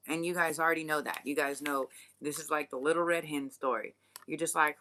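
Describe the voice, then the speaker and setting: A spiritual reader talks straight to the viewer in an unscripted reading. The voice is bright and sharp-edged, and the speaker is blunt and profane, often restarting sentences and breaking off into asides. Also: medium pitch, fairly even intonation, a little fast. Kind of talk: unscripted channeled reading monologue.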